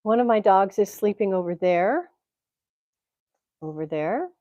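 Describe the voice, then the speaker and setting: A woman's voice: medium pitch, animated, unhurried, dry recording. Woman chatting at home, rambling, laughs a lot, muffled dry computer mic. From Tennessee, USA. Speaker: livestream host. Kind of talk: casual chat. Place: home, indoors.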